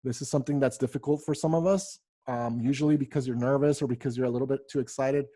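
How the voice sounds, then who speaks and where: Man, speaking coach, mellow tone, dry close sound, casual workshop teaching, fillers. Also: medium pitch, fairly even intonation, fast talker, dry recording. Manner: conversational, many fillers and repeated words. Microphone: video call.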